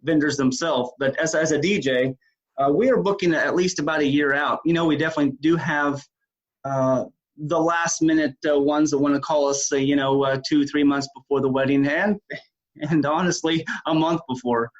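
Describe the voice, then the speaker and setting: A man who owns a wedding DJ business, answering interview questions in a halting way, full of fillers and restarts. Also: on the high side, fairly even intonation. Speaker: wedding DJ business owner, guest. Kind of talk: casual interview talk. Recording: dull lo-fi sound.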